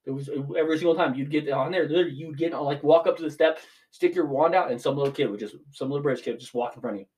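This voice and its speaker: A man's voice: on the high side, rapid-fire, darkish tone. Ranting young man, casual podcast. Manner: ranting, swears freely. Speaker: podcast co-host. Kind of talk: casual chat.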